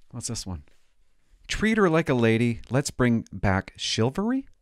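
Mock-outraged male commentator, lower voice, recorded dry and close. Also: gravelly, darkish tone, dry recording. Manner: sarcastic, mock-indignant, reads headlines aloud then scoffs. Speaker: commentator reading a newspaper aloud.

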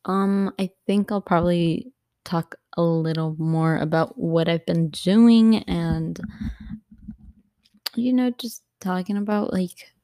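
A woman's voice: on the low side, slow, dark tone, no room sound, clean studio sound. A young woman hosting her own podcast from home on a laptop mic, chatting casually and drifting between topics with lots of fillers. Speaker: podcast host. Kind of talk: casual solo podcast chat.

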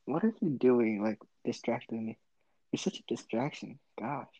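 A young woman with an unusually low, deep voice, talking in a teasing, joking way during a relaxed chat. The sound is dull and lo-fi, with a dry close mic. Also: slightly rough, dry recording. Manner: teasing, joking, quick to laugh. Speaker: podcast host. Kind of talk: casual chat.

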